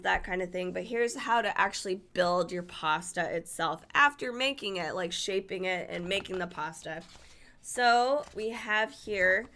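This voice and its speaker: Paging casually through a cookbook, a woman reviews it in a medium-pitched voice that's bright and forceful. Her chat is enthusiastic, though she trips over the names of foreign dishes.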